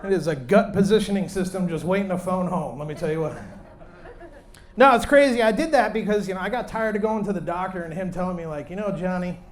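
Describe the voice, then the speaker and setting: A man in his late thirties doing a loud, brash, crude stand-up set on a comedy club stage, talking into a handheld mic. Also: sits high, fast. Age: late 30s.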